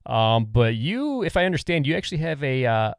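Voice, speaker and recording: A man's voice: medium pitch, big pitch swings, a little fast, gravelly, no echo. A man hosting a podcast, chatting casually, laughing often, and leading into segments. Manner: easygoing, laughs often, plain segment lead-ins. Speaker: podcast host.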